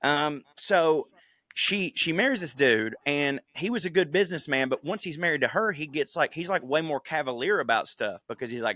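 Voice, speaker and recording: A man co-hosts a casual podcast with a bright, forceful voice. He tells stories in a profane, animated way and drops into put-on voices for quotes. The sound is dry and close. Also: on the high side, normal speed, dry recording. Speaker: podcast co-host. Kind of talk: casual chat.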